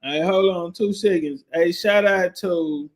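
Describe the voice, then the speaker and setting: A man hosting a live stream, talking loosely and shouting out viewers. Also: sits high, unhurried. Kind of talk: casual live-stream talk.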